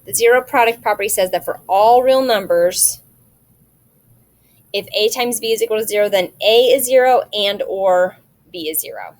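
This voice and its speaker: A woman's voice: mid-range voice, normal speed. A woman math teacher recording a video lesson, explaining each step patiently and checking in with rhetorical questions.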